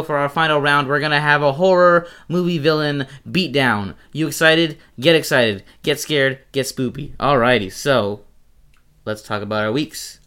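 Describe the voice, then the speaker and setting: Smooth-voiced young male podcast host. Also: medium pitch, pushed and bright. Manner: profane, storytelling, quick to laugh. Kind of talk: casual podcast banter.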